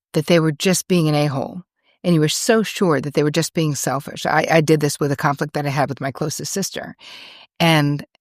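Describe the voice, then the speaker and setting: A woman's voice: low-pitched, dry recording, studio quality. A middle-aged American woman hosting a podcast, talking in a chatty, digressive, self-deprecating way. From United States. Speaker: podcast host. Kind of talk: casual monologue.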